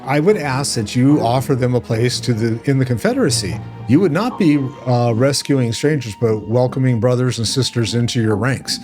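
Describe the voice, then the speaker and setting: A man voicing a formal, earnest young male lord in a video game, speaking in measured, polite tones. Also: mid-range voice, a little mellow, soft background music, lightly acted.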